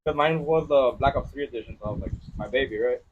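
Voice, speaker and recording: Fast-talking bilingual podcast host, lo-fi. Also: male voice, medium pitch, slight background noise. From Mexico-Texas border region. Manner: switches between English and Spanish, animated storytelling. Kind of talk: casual chat. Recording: lo-fi podcast recording.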